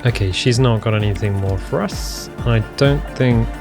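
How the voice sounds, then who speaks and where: A man's voice: mid-range voice, normal speed. Man thinking aloud over game music. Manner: thinking aloud, hesitant, with fillers. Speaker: let's play host. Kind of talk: casual gameplay commentary.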